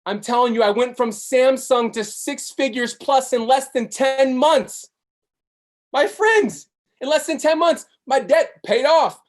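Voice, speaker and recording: Hyped-up man chanting sales slogans. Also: measured pace. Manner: energetic, chanting repeated slogans, swinging pitch. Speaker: network marketing presenter. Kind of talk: hype motivational sales pitch on a live webinar.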